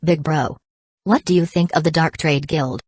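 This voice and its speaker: A woman's voice: sits low, moderate pace, darkish tone, husky, dry recording. A woman reading the lines of an eager, earnest younger brother reporting to his older sibling.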